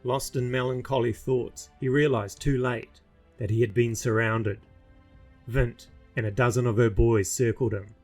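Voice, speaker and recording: A man reading his own fantasy novel aloud in a steady, measured storybook narration. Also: medium pitch, soft background music.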